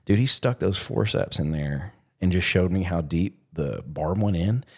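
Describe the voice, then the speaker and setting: A man in his middle years, a podcast guest, telling a story in a casual, animated way with lots of fillers. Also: low voice, moderate pace, creaky.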